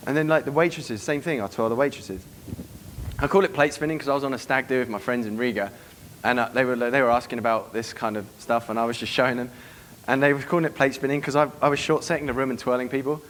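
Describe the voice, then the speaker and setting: A quick, rapid-fire man running a live seminar, swearing freely and slipping into snippets of acted dialogue. His pitch sits in an ordinary middle range. A faint hiss of noise sits under the talk. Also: fairly bright tone. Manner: brash, profane, acts out quoted dialogue. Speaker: dating coach giving a seminar.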